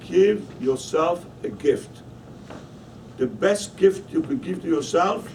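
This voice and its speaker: A man with a high voice leads a Torah lesson in a study hall, pressing his points and quizzing his listeners. He is picked up from some distance, with a faint background hum. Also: a little mellow. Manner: emphatic, questioning the listeners. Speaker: rabbi teaching a class. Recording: voice from a distance, faint room noise.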